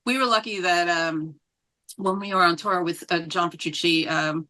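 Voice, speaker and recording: A woman's voice: fairly low pitch, normal speed, sharp tone. A woman from New Mexico, a metal band singer, chatting animatedly as a podcast guest, laughing often and swearing casually. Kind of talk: casual interview chat.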